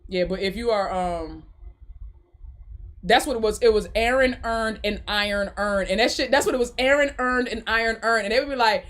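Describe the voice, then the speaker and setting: A woman's voice: on the high side, moderate pace. A young adult woman hosting a podcast, chatting casually with her live chat, laughing often and repeating herself. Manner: animated, laughing often, swearing, repeating phrases.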